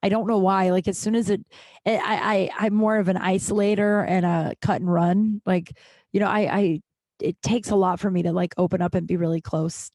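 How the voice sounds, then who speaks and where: A woman's voice: mid-range voice, fairly even intonation, moderate pace, a little mellow, no room sound, clean studio sound. A woman hosting her own podcast, talking frankly and ramblingly with many restarts and casual swearing. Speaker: podcast host. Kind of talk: candid solo podcast monologue.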